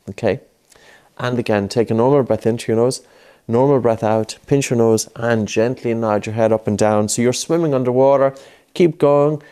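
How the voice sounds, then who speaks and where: Low, mellow-voiced male breathing coach. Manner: patient, coaxing, repeats cues. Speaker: breathing instructor. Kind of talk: guided breathing lesson with a child.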